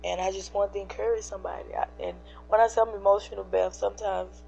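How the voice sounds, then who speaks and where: A woman's voice: mid-range voice, fairly even intonation, fast talker, gravelly, dark tone. Teary woman encouraging her livestream chat. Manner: earnest, preachy, speaks to chat directly. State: teary-eyed. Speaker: livestream host. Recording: dull lo-fi livestream audio with faint hum.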